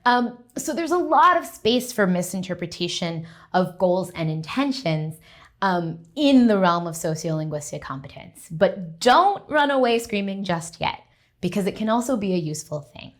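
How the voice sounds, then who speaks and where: A woman's voice: mid-range voice, lively intonation, normal speed. A young adult woman, a linguistics professor, giving a conversational conference lecture and often checking in with the audience.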